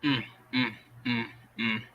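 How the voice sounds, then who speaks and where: A man's voice: mid-range voice, steady tone, slow, pushed and bright, highs cut off. A man streaming a profane, exasperated reaction rant with frequent sighs, talking straight into his mic. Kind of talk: ranting reaction commentary.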